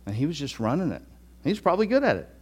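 A man's voice: fairly high pitch, huge pitch swings, racing, darkish tone, breathy edge. A middle-aged male pastor preaching a sermon to a live congregation, in a conversational way that often repeats and restarts words. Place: church hall with a live congregation.

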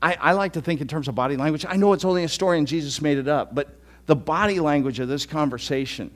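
A man's voice: fairly high pitch, fast. A middle-aged male pastor preaching a sermon to a live congregation, in a conversational way that often repeats and restarts words. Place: church hall with a live congregation.

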